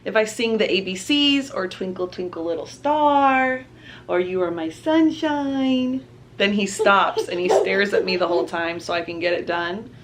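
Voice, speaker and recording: A woman's voice: medium pitch, expressive, measured pace, a little hiss or hum. A young woman, chatting casually to camera as a mom vlogger and laughing often.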